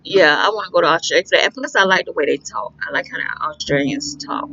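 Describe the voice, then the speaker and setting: A woman's voice: deep voice, quick pace, sharp tone, lo-fi sound, a little hiss or hum. A woman vlogger chatting outdoors by a pool, rambling in a candid, slangy way. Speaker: beauty vlogger. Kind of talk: casual chat.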